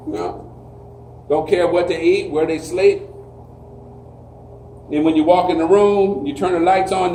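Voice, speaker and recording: A man's voice: fairly high pitch, warm tone, distant mic, a little hiss or hum. Older man telling stories in a hall. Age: 60s. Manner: folksy, preacher-like storytelling. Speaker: group counselor. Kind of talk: talk to an audience. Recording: echoey hall, voice heard from afar.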